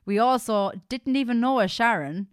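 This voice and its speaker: A woman's voice: fairly high pitch, moderate pace, clean tone, no echo, clean studio sound. A woman co-hosting a casual podcast, giggling as she reads funny listener stories aloud. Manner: giggly, animated storyteller. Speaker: podcast co-host.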